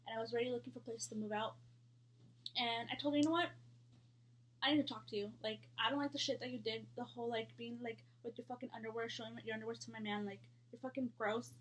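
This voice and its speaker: Casting: woman, thirties, slightly high voice, blunt and profane, faint hum behind. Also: steady tone, racing, hardly any pauses, fairly bright tone. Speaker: storyteller. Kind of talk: casual storytime vlog.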